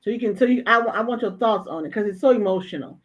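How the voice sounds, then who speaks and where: A woman hosting a live talk stream, pressing her points with emphatic, repeated phrases in an easygoing chat. Her voice sits at a middle pitch. The sound is dull and lo-fi. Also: quick pace. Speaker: host. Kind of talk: casual chat.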